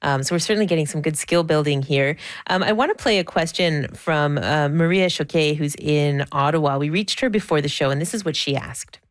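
Low-voiced woman hosting radio. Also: a little fast, hardly any pauses, no echo. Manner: calm, affirming, smoothly steering. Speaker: radio host.

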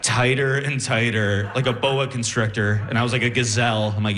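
A man's voice: medium pitch, steady tone, brisk, a bit bright. A man performing a stand-up comedy routine, telling a story with acted-out voices. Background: audience laughter.

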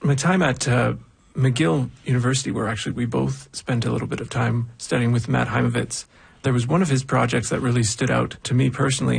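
A man's voice: mid-range voice, vocal fry, husky. A man presenting a music radio show in a chatty, enthusiastic way, with occasional fillers.

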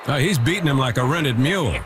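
An actor playing a wry, folksy football commentator in a TV commercial. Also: male voice, medium pitch, lively intonation, a little fast, background noise, lightly acted. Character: TV football color commentator, middle-aged man.

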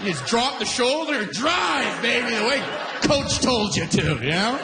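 A male stand-up comedian from Alberta telling a rambling, animated story to a live audience. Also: very high-pitched, moderate pace. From Alberta, Canada. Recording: echoey hall with audience noise.

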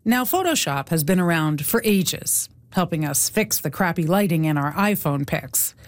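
A female reporter reading a scripted news feature in a measured storytelling delivery. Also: fairly low pitch, animated.

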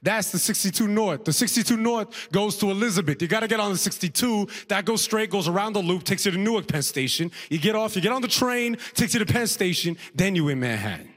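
A man's voice: sits high, expressive, a bit bright, in a large hall, voice pushed up. Man doing a brash, confident direction-giver. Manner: fast, sure, rattling off directions. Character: chatty confident man giving bus directions.

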